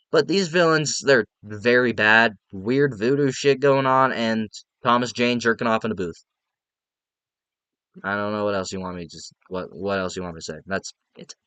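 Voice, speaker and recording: A man's voice: medium pitch, pushed and bright, no echo. A man giving a casual, rambling film review, repeating himself and laughing at the movie.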